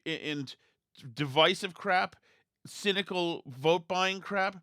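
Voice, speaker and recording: A man's voice: high-pitched, takes it slowly, sharp tone. Blunt, scornful male podcast ranter. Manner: blunt, scornful ranting with restarts. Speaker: podcast host. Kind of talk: political commentary podcast.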